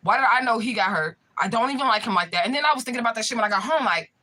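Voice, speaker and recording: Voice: medium pitch, very fast. A speaker telling a personal story in a casual vlog, swearing often and slangy, constantly checking in with the listener. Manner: profane, animated, slangy storytelling. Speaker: spiritual reader telling a story.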